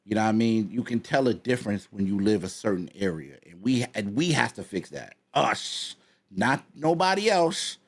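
A man's voice: lowish voice, sing-song, normal speed. A man, co-hosting a podcast in casual chat, rambling and repeating himself as he talks. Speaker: podcast co-host.

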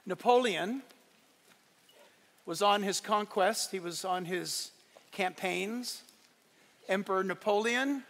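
A male pastor preaching a sermon with emphatic storytelling, shifting between loud declarations and hushed asides. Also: high-pitched, slow, pauses often. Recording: long reverb in a large hall.

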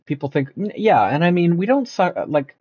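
A man's voice: high-pitched, sing-song, moderate pace, a little mellow, breathy edge, dull audio. A Canadian man chatting casually while streaming a game, swearing constantly and laughing at his own stories. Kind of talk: casual chat while gaming.

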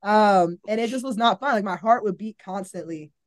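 As a podcast guest, a young adult college volleyball player recounts a personal story of faith, speaking at normal speed with medium pitch. The tone is casual and sincere, heavy on "like," as she acts out what she once thought.

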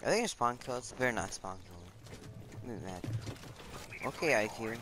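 A young man chatting casually over his own gameplay, jumpy and quick to yelp when startled. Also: fairly low pitch, lively intonation. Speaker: gamer streaming his match. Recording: noisy game audio behind voice.

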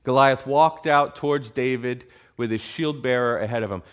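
A man's voice: mid-range voice, normal speed, clean tone. A man preaching a sermon in a church, talking conversationally and often checking in with the congregation with questions. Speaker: pastor. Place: church sanctuary.

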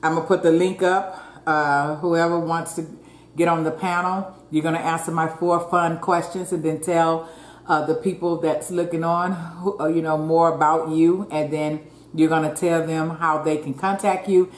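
A female mukbang host with a deep voice speaks at a moderate pace, her pitch barely shifting. She keeps up casual, folksy eating chat with her audience, murmuring "mm" between bites, in an echoey room with faint ambience.

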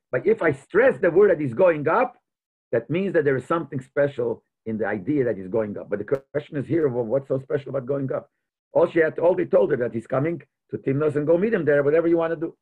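A man's voice: a little high, slightly rough. A man teaching a Torah lesson as a rabbi, mixing Hebrew and Yiddish terms into his English and thinking aloud as he explains. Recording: tinny phone-like audio.

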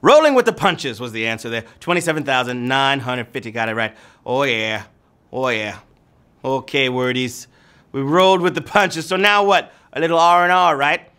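A man's voice: mid-range voice, lively intonation, moderate pace, bright, forceful tone, clean tone. A man hosting a live trivia game show, playful and teasing, calling players "babies" and tossing off little rhymes. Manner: playful, hyped, sing-song with teasing rhymes. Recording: music bed playing under the voice.

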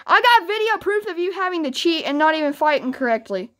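A woman with a high voice argues hard in a game voice chat. She taunts and challenges, sounding exasperated and combative as she pushes back again and again. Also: sing-song, brisk, a bit bright. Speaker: gaming YouTuber.

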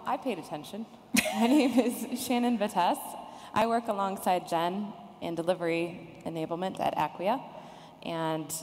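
A woman's voice: on the low side, a little mellow. A woman moderating a conference panel in a chatty, sarcastic way, laughing often. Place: conference room with audience. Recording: echoey conference hall.

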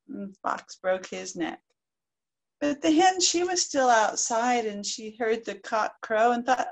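A woman tells a story aloud in a lively, expressive way. Her voice sits a little high for a woman. She moves the tale along as a live teller would. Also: unhurried.

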